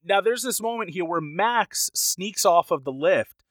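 A man talking through a film on a casual podcast, animated and quick to act out crowd shouts. His voice sits a little high, and the recording is dry and close, with no room sound. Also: dry recording. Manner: animated, quotes crowds in raised voices, gets emotional. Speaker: podcast co-host.

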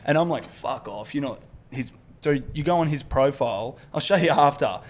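A young Australian man, a guest comedian, telling dark stories on a podcast in a casual way, swearing freely and laughing as he goes. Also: fairly high pitch, a little fast. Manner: swears freely, laughs through his stories, quotes people in put-on voices.

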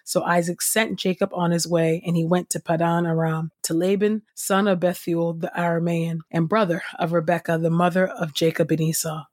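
A woman reading scripture aloud in a clear, measured narrating voice at a close mic. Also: fairly low pitch, flat delivery, darkish tone, dry recording. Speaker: scripture reader.

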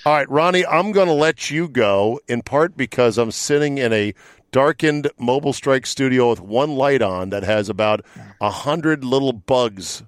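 A man's voice: mid-range voice, no room sound, studio quality. A man hosting a podcast from inside a van, chatting about sports in a blunt, profane way. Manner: blunt and profane, talking fast when riled. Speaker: podcast host. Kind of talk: casual sports chat. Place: inside a van used as a studio.

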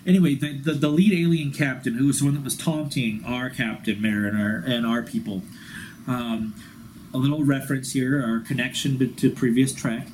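Excitable male podcast co-host, faint hiss. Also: mid-range voice, rough recording. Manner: excitable, quick bursts, laughing at himself. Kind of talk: casual fan podcast chat.

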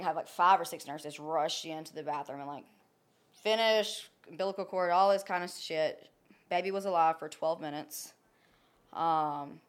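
A young woman tells a personal story in a casual, unfiltered way. Her voice sits somewhat low for a woman. She is blunt and profane and keeps checking in with her listener.

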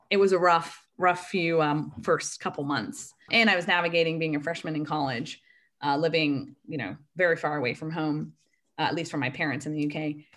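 Woman, thirties, American accent, low voice, chatty storyteller, podcast guest. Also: fairly bright tone. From grew up in the UK. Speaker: Air Force intelligence officer, guest. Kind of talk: casual podcast interview.

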